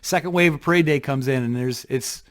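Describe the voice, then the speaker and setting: A man casually telling a rambling personal story to camera, animated, with restarts and blunt swearing. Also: mid-range voice, fairly quick.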